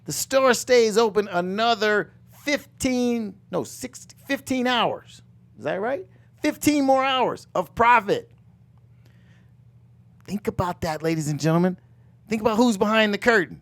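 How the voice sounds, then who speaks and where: Middle-aged guy yelling motivational money talk, repeats himself a lot, voice sits a bit high. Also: lively intonation, a little slow. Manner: loud, emphatic, repeats phrases, jokes and laughs. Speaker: real estate coach and show host. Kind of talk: live motivational finance talk.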